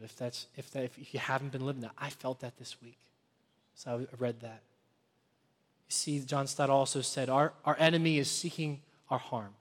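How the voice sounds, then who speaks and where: A man preaching a sermon as pastor, building to loud intensity and dropping to hushed whispers. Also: medium pitch, fairly even intonation, normal speed, big-room sound.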